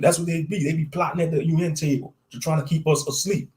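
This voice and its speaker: A man's voice: fairly high pitch, steady tone, fast talker, few pauses, darkish tone. A man giving live-streamed religious commentary, reading scripture aloud and riffing on it in slangy talk with a preachy edge, repeating lines for emphasis. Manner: preachy, reads scripture then riffs on it. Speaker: online commentator.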